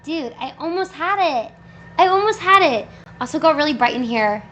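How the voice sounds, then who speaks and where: High-voiced young woman livestreaming. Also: expressive, normal speed, a bit bright, lo-fi sound. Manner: repeats words over and over, practicing pronunciation. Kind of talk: casual live-stream chat. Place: bedroom with air conditioning running. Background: air conditioning hum.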